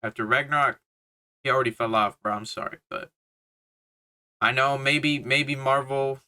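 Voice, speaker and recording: A man's voice: mid-range voice, little pitch movement, moderate pace, pushed and bright. A young man giving a casual, rambling movie review, full of slang, swearing and fillers. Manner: swears a lot, laughs, filler-heavy slang.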